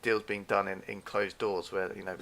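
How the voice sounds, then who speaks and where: A man telling a story in a casual, animated rant, repeating himself and acting out what people said. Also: lowish voice, normal speed, creaky, a little hiss or hum. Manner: animated, repeats himself, acts out quoted dialogue.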